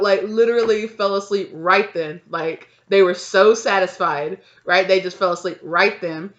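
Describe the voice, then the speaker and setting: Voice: medium pitch, fairly quick, few pauses, fairly bright tone, lo-fi sound. A tarot reader giving a casual reading, rambling along with lots of "like" and frequent giggles.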